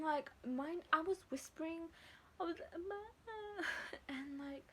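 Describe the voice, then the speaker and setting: Brief: young female vlogger, high-pitched, swearing, chatty and animated. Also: slight background noise. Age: late teens to early 20s. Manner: profane, slangy, animated retelling. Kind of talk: casual storytelling to camera.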